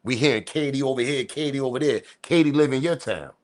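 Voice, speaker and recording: A man hosting a commentary video, ranting about the news with profanity and loud emphatic bursts. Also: mid-range voice, quick pace. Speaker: commentary channel host.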